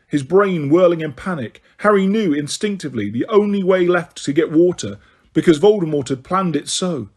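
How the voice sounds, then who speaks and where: Male narrator, husky, slightly high voice, steady storytelling. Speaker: audiobook narrator. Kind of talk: audiobook narration.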